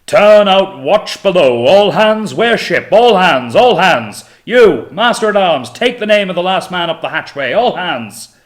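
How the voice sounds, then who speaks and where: Man doing a loud high bellowing boatswain yelling orders, audiobook. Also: lively intonation, measured pace, few pauses. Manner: shouted commands. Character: bellowing male ship's boatswain giving orders.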